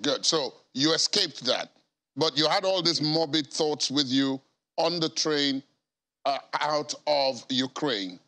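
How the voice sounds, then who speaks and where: Male news interviewer, sharp bright tone, pitched a little high, carefully clarifying each point. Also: takes it slowly. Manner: methodical, clarifying questions.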